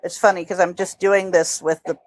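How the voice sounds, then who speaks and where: Calm dry-voiced woman from New Jersey. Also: on the low side, normal speed, dry recording. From New Jersey, USA. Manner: calm, explanatory, with frequent restarts. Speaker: dog trainer guest. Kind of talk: podcast interview answers. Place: temporary room away from home. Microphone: headphones on a remote call.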